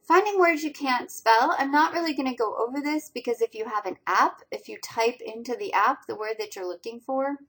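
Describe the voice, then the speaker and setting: A woman's voice: on the high side, a bit bright, breathy edge. A woman teaching a college reading class, talking through slides step by step and asking students questions as she goes. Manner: patient, step-by-step explaining with quiz questions to students. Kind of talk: recorded slideshow lecture.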